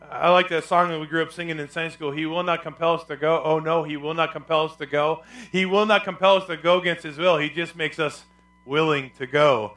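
A middle-aged pastor preaches a sermon at a brisk pace, dropping soft and low and then rising loud. He calls on the congregation to answer back.

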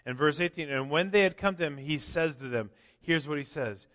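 Male pastor preaching, bright voice, goes loud then quiet, long echo from the church hall. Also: a little high, fairly quick, hardly any pauses. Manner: swings from loud emphatic preaching to quiet asides. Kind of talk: sermon.

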